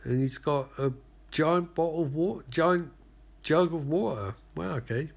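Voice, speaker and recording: A man's voice: on the high side, a little slow, gravelly. A man recapping a TV show in sarcastic, profane commentary full of rambling asides.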